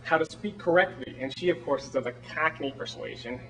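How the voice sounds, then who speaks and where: A man's voice: on the high side, a little fast, a bit bright, distant mic, lightly acted, rough recording. A man playing a gushing, flamboyant small-town theater director. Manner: chatty, rambling, gushing. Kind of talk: film monologue performance.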